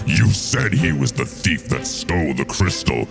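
A man voicing a huge menacing winged bone dragon, threatening and slow, over background music. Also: extremely low pitch, sing-song, gravelly, pitched below the performer's own voice, heavily acted. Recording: music playing behind.

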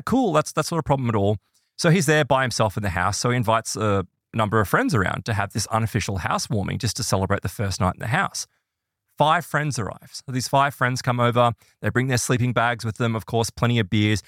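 A man, casually telling a ghost story on a podcast, animated and quick to act out quoted people. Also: no room sound, studio quality. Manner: animated, voices quoted people in higher pitch.

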